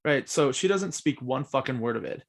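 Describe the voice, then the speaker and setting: A man's voice: medium pitch, normal speed, vocal fry. Profane, storytelling male podcast host. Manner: animated storyteller, swears a lot. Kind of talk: casual chat.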